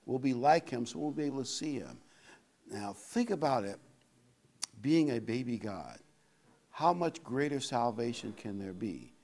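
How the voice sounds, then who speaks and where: Folksy older male preacher, lively pitch. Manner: folksy, conversational preaching with scripture reading; pauses often with fillers to find verses. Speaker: pastor. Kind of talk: sermon.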